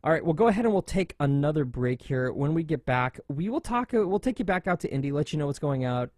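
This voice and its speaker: A man's voice: a little high, fast talker, no room sound, studio quality. A man hosting a motorsports talk radio show, chatting casually and animatedly with lots of fillers and restarts. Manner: animated, rambling with frequent fillers.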